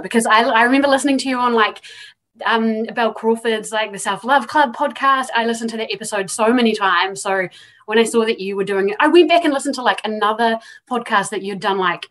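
A woman's voice: on the high side, brisk, a bit bright. A woman guest, a self-love coach, talking in a chatty casual way full of "like" and "um". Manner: chatty, full of fillers like "like" and "um", laughs easily. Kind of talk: casual chat.

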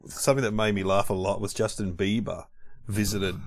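An Australian man from Melbourne in a casual chat, telling lively anecdotes and laughing often. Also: on the low side, a little fast, dry recording.

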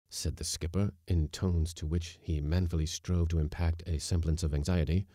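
A man narrating an audiobook story with measured, expressive delivery on a close mic. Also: low voice, no echo.

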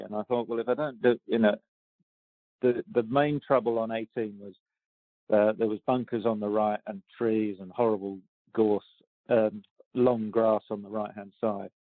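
Over a tinny, dry phone line, a low-voiced golf champion tells stories in a relaxed interview at a normal speed with fairly even intonation. He is hesitant, full of ums and restarts, and laughs easily, with no echo.

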